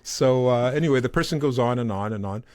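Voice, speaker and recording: A man's voice: fast, no room sound. A middle-aged man from Montreal, a guest telling stories in easygoing conversation and acting out the people he quotes. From Montreal, Canada. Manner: animated, acts out quoted voices in a higher pitch. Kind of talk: conversational storytelling.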